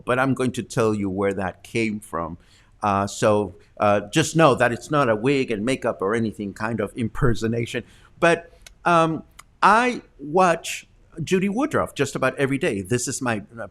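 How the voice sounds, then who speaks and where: A man's voice: mid-range voice, a bit bright. A man hosting a live news stream in a casual, chatty and rambling way, with many ums and uhs. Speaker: host of a live news show.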